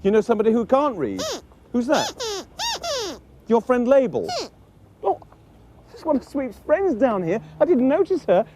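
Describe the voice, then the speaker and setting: A man's voice: very high-pitched, moderate pace, pauses often, noisy background. A man with a British accent presenting a children's show, talking playfully and patiently to a puppet. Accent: British English. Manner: animated, teasing, patient.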